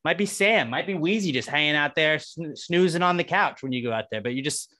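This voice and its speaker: A man's voice: fairly high pitch, expressive, fairly quick, bright, forceful tone. A man co-hosting a podcast in casual chat, rambling loosely and often acting out the voices of the people he quotes. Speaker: podcast co-host.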